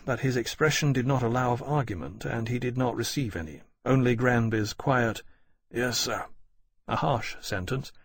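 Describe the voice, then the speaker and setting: Gravelly male audiobook narrator. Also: medium pitch, no echo, clean studio sound. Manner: even, measured storytelling. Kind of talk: scripted narration.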